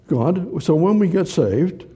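A man with a high, husky voice preaches slowly and warmly, his intonation lively. He reads scripture aloud, repeats phrases, asks his listeners questions, and gestures with his hands as he teaches.

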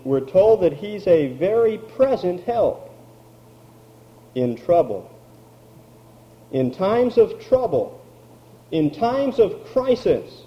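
Slow, animated male preacher. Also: high-pitched, highs cut off. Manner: slow, emphatic preaching with drawn-out words. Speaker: pastor. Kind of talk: sermon.

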